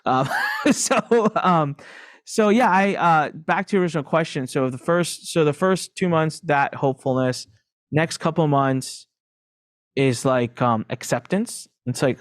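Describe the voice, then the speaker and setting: A man's voice: fairly high pitch, dry recording, clean studio sound. A man guest on a podcast, telling candid stories in a self-mocking way, joking and laughing as he goes. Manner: animated, self-mocking, jokes and laughs often; frequent fillers and restarts, quick asides. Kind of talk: candid conversational storytelling.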